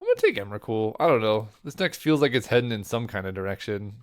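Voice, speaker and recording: A man with a hoarse, fading voice giving casual, rambling commentary as he weighs options aloud. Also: fairly low pitch, big pitch swings, quick pace. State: hoarse, losing his voice. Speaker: card game content creator.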